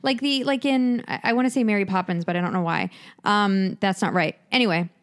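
A woman's voice: medium pitch, fairly quick. A woman co-hosting a podcast, casually recapping a TV episode with lots of fillers and searching for words. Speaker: podcast co-host.

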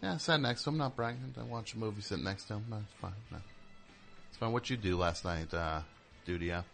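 A man's voice: fairly low pitch, fairly quick, vocal fry, fairly bright tone, soft background music. A man hosting a radio show, rambling and joking, interrupting himself as he talks into a studio mic. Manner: rambling, jokey, self-interrupting. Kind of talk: casual radio monologue.

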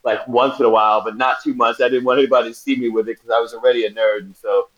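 A man's voice: medium pitch, quick pace, muffled recording. A man in his forties from Brooklyn, a guest in a casual interview, telling stories and acting out the voices of the people in them. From Brooklyn, New York. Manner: animated storyteller acting out quoted voices, laughing often. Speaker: actor guest.

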